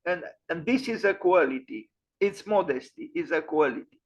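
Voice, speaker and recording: A man hosting an online architecture lecture, pausing often with fillers and restarts. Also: on the high side, expressive. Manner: hesitant, many fillers and restarts. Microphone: video call. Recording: dull lo-fi online audio.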